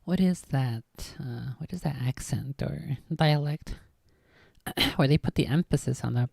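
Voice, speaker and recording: A woman from New York, a streamer musing aloud in casual commentary and sometimes dropping to a soft whisper. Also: extremely low pitch, a little slow, vocal fry, breathy edge, no echo, clean studio sound. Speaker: streamer reacting to a video.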